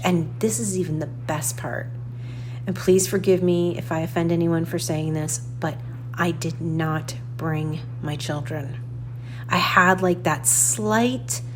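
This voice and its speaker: A woman in her forties hosting a podcast, telling a story in a chatty, animated, self-deprecating way with frequent asides. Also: on the low side, a little hiss or hum. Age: 40s. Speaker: podcast host. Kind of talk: casual storytelling monologue.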